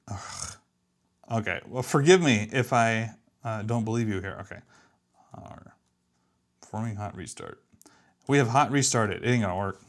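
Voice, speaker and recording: A man's voice: on the low side, moderate pace, pauses often. A man casually thinking aloud while building an app, muttering to himself, trailing off and making self-deprecating remarks. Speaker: app developer streaming a live build.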